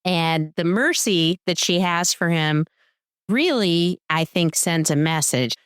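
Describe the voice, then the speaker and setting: A podcast co-host whose voice is on the low side and clean in tone speaks slowly. In a studio-quality recording with no room sound, she recaps a TV episode in casual chat, animatedly performing the characters' quotes.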